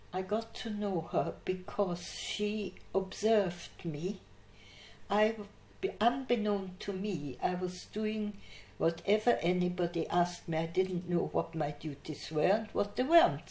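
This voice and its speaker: A woman's voice: fairly low pitch, a little mellow. An older woman from Austria, interviewed for an oral history, telling a long anecdote with frequent laughter. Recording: echoey room.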